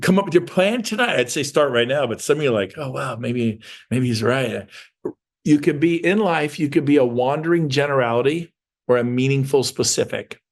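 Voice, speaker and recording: A middle-aged man giving an energetic motivational talk to real estate agents, emphatic and animated, with bursts of shouting. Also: fairly high pitch, brisk.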